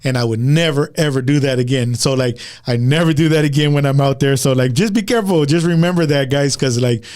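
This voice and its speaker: A man's voice: medium pitch, fairly quick, hardly any pauses, a little mellow. Rambling man telling a story. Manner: rambling, repeats words and restarts often. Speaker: podcast host. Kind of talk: casual storytelling to listeners.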